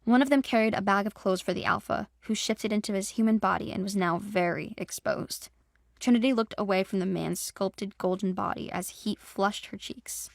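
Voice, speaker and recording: A woman's voice: medium pitch, moderate pace, vocal fry, dry recording, studio quality. A woman narrating a fantasy audio drama with dramatic storytelling.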